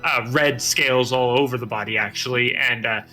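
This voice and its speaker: A man's voice: mid-range voice, steady tone, normal speed, pushed and bright, soft background music. A man narrating as game master, casually improvising descriptions with many fillers.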